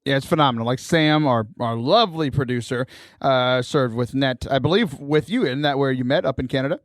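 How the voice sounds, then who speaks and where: A man hosting a podcast, telling stories in an animated way and laughing often. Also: medium pitch, fairly quick, no room sound, clean studio sound. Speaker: podcast host. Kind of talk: casual chat.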